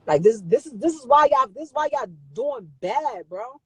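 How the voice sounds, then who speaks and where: A woman's voice: on the high side, expressive, normal speed, hardly any pauses, a little mellow, slightly rough, no room sound, rough recording. A woman on a live stream scolding her viewers in a blunt, profane rant, repeating phrases for emphasis. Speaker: livestreamer talking to viewers.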